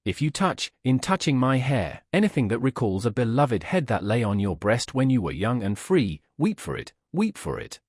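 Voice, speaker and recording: A tender young woman, as a male reader voices her, pleading in soft, imploring tones. The voice is husky and dry, with lively swings of pitch. The storybook delivery stays gentle. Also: moderate pace, hardly any pauses, no room sound.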